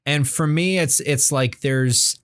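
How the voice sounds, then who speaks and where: A man's voice: fairly high pitch, slow pace, fairly bright tone, clean tone, no echo, studio quality. A man co-hosting a casual music podcast, rambling with many fillers and restarts. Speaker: podcast co-host. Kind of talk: casual chat.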